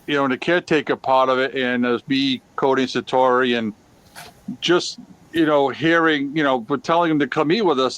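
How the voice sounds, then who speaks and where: A man telling a casual story, halting and full of "you know" fillers. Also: mid-range voice, fairly bright tone, poor audio. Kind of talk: casual anecdote.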